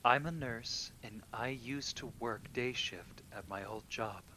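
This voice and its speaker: A man calmly reading true horror stories aloud, sometimes dropping to a hushed near-whisper. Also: a little slow, slight background noise. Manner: calm, low-key reading that drops into hushed near-whispers. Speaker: horror story reader.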